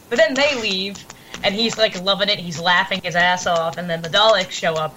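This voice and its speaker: A woman's voice: medium pitch, brisk, bright, forceful tone, low-quality recording. An enthusiastic woman chatting as a podcast guest. She giggles easily and acts out quotes in playful voices. Music runs underneath her. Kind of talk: casual podcast chat.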